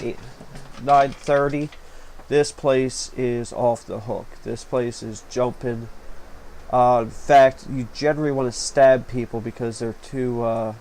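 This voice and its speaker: Speaking in a medium-pitched, darkish voice, a man rambles casually over his own vlog footage, using plenty of fillers. The low-quality recording comes from a home setup in a small, hot room, with a fan's faint noise audible.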